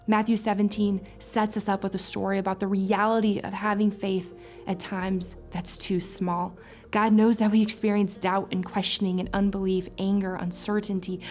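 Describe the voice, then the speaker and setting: A woman's voice: mid-range voice, darkish tone. A young adult woman pastor preaching a sermon, earnest and emotional, rising into impassioned prayer. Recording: faint music behind.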